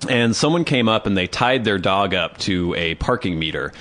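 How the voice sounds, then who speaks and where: A man's voice: fairly low pitch, expressive, a bit bright. A young man co-hosting a podcast, casually telling a comic story and acting out bits of it. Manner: storytelling, acting out others in quick asides. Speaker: podcast co-host. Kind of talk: casual comedic chat.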